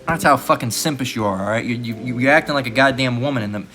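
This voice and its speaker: A man's voice: medium pitch, quick pace, pushed and bright. Blunt, crude preaching man with faint music. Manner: blunt, crude, repeats "all right?" constantly. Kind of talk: profane street preaching rant.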